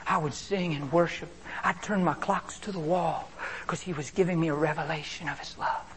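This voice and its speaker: A male preacher delivers a sermon with a fairly high voice, moving from booming emphasis to quiet, confiding asides. His delivery stays lively and dramatic. A faint background hiss sits under the voice. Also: moderate pace. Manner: animated, swings between loud exclamations and hushed asides.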